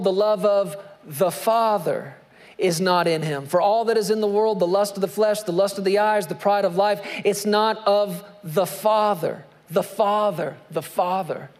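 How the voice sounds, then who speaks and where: High-voiced man preaching in a hall. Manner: repetitive, emphatic preaching with scripture reading. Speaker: pastor. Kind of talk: sermon. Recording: long reverb of a large hall.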